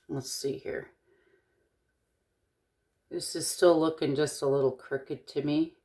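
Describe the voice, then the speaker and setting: A middle-aged woman from Eastern Washington, USA, hosts a jewelry-making tutorial, showing a wire-wrapping craft. Her voice sits low with a steady, dark tone, and she speaks slowly with long pauses, chatting casually, thinking aloud, and slipping in the odd corny joke.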